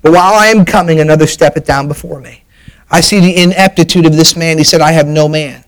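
High-voiced fervent male preacher. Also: steady tone, fast talker, low-quality recording. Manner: fervent preaching, repeats words, quotes scripture. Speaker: pastor. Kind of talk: sermon.

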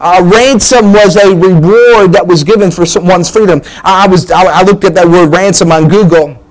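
A man's voice: high voice, normal speed, rough recording. A man preaching a sermon as a pastor, emphatic and repetitive, often restarting his phrases.

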